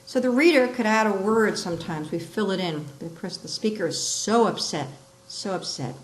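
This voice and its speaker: A woman teaching rhetorical terms, explaining each one and acting out the examples with lively emphasis. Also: medium pitch, moderate pace, low-quality recording. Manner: explains with examples, acts out quoted lines expressively. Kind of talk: recorded lesson on rhetorical terms.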